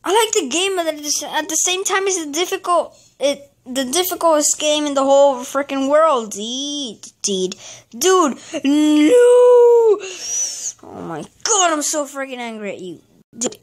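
A woman's voice: sits high, expressive, normal speed. A woman giving casual gameplay commentary as a channel host, frustrated and exclaiming at the game as she plays.

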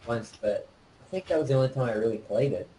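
A man co-hosting a let's play, chatting casually and excitedly while directing his partner through a game. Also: mid-range voice, quick pace, a little hiss or hum, rough recording. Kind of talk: casual gameplay chat.

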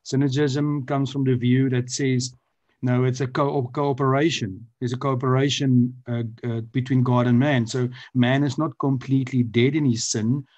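On a church panel, a man explains theology off the cuff, hesitating and restarting often and using many fillers. His medium-pitched voice is darkish and fairly flat, at a normal speed, with the highs cut off.

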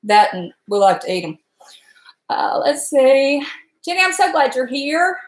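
A chatty woman with a Southern American accent hosts a casual home cooking stream. Her voice sits high, and her talk is easygoing and quick to laugh as she greets viewers one by one. The room around her is echoey. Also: very animated. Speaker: cooking channel host.

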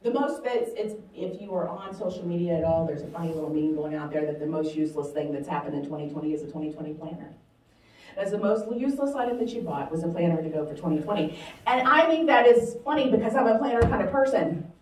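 A woman's voice: lowish voice, fast talker. A woman pastor with a light Southern accent, preaching a chatty, humorous sermon. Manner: chatty, humorous, animated, laughing often. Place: church sanctuary. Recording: roomy sound from a distance.

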